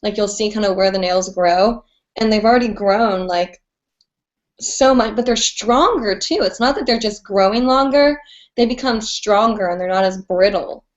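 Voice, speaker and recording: A woman's voice: medium pitch, normal speed. Bubbly chatty woman host. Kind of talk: live-streamed chat show. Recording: dull lo-fi stream audio.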